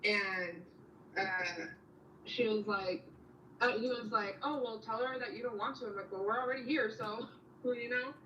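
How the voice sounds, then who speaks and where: A woman's voice: fairly high pitch, normal speed, bright, forceful tone, reverberant, distant mic, muffled recording, a little hiss or hum. A young woman telling a story in casual chat, rambling and slangy with lots of fillers.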